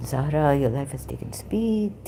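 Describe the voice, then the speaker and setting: A woman talking alone on a livestream, hesitant and halting, often dropping into whispers. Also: deep voice, vocal fry, background noise. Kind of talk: rambling solo livestream talk.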